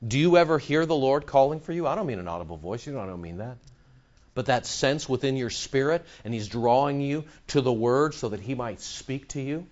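A man's voice: medium pitch, animated, fairly quick, darkish tone, lo-fi sound. A man preaching a sermon to his congregation. He asks rhetorical questions and repeats phrases for emphasis. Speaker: pastor.

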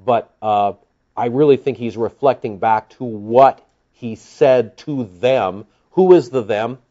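A man preaching a verse-by-verse Bible teaching sermon, moving between emphatic bursts and low, confiding explanation. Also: takes it slowly, dark tone. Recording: dull lo-fi recording.

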